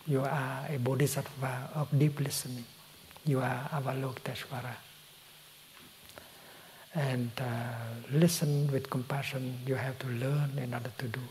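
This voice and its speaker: Gentle breathy old monk, Vietnamese accent. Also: male voice, mid-range voice, little pitch movement, a little hiss or hum, low-quality recording. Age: 80s. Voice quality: breathy, often slipping to a whisper. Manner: gentle, soft-spoken, unhurried with frequent pauses. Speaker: Buddhist monk teacher. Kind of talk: dharma talk answering a question.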